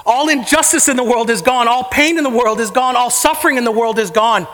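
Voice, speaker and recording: Fervent preacher, male, high and bright, in a reverberant church hall. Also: fairly quick. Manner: fervent, rising to impassioned pleading. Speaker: pastor. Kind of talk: sermon.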